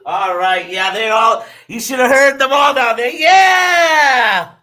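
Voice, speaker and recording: A man's voice: very high-pitched, bright, forceful tone. A man hosting a casual chat show, telling stories with frequent laughter. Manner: laughing storyteller. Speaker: host.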